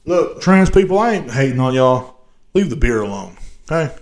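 A man's voice: medium pitch, sing-song, moderate pace. A man in his thirties hosting his own podcast, ranting casually in a profane, rambling, mocking way. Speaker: podcast host. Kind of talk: casual rant.

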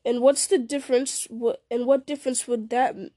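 A woman's voice: on the high side, fairly even intonation, moderate pace, mellow, dry recording, clean studio sound, lightly acted. A woman voicing a bold, cheeky young male hobbit in a story she reads aloud. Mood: defiant.

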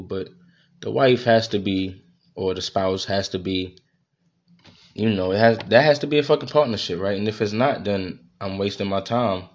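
A man, hosting a podcast and venting in a heated, profane monologue, repeating himself as he goes. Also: deep voice. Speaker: podcast host.

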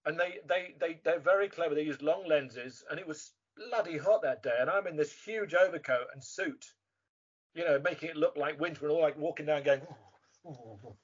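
A man with an English accent chatting as a guest in an interview, animated and imitating other voices as he tells stories. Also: on the high side, a little fast, breathy edge. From England. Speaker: guest actor. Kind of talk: casual interview chat. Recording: muffled lo-fi remote audio.

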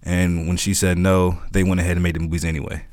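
A man co-hosting a film podcast, reading out news items quickly and casually with jokes. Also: sits low, level tone, darkish tone, dry recording. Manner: quick, joking, reads out news points. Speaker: podcast co-host. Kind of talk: casual chat.

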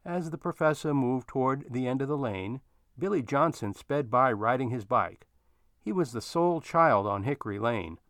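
A man narrates a story in an expressive storytelling manner, with a mid-range voice at a moderate pace. The recording is dry and studio-clean.

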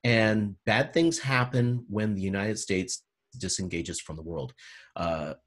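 A husky-voiced man speaks as a podcast guest. He argues in an impassioned way and pushes his voice up when he makes a point. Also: on the low side, unhurried. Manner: impassioned, swearing, rising to heated emphasis. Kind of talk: political discussion.

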